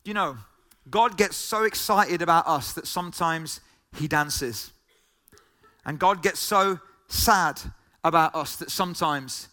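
A man delivers a sermon in a high, ringing voice. He keeps circling back to the same phrases and throws questions at the listeners. His tone stays bright and forward. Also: unhurried. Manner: emphatic, repeats key phrases, asks the listeners questions. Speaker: pastor.

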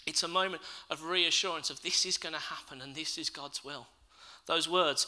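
Male preacher, very bright tone, slightly high voice, reflective sermon full of questions. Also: steady tone, moderate pace, few pauses, low-quality recording. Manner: reflective, asks the listeners questions. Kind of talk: sermon with scripture reading.

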